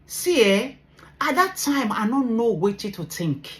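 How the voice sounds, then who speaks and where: A woman's voice: on the high side, big pitch swings, measured pace. A Nigerian woman in a vlog, earnestly retelling a personal story with emotion, mixing English and pidgin. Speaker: vlogger sharing her medical story.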